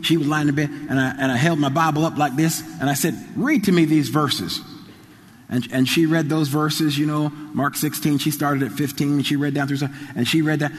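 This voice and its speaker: A man's voice: fairly high pitch, big-room sound. A man preaching a sermon, telling a story with many repeats and stammers. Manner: repeats phrases, stammers, builds to excited shouting. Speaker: pastor.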